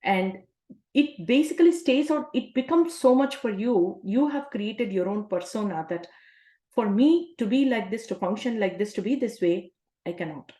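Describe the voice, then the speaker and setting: Woman, life coach, self-help talk, conversational, rhetorical questions, mid-pitched voice. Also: lively intonation, moderate pace, warm tone. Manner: conversational, asks rhetorical questions, often adds "right?". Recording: roomy echo.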